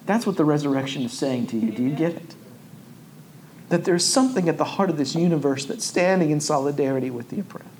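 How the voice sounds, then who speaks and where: A man's voice: a little high, expressive, fast talker, darkish tone. A man preaching a sermon, building to emphatic, rising oratory.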